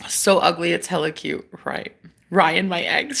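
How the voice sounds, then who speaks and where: A woman chatting on a casual livestream as a psychic reader, animated, swearing freely and laughing often. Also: lowish voice, unhurried, gravelly, slightly rough.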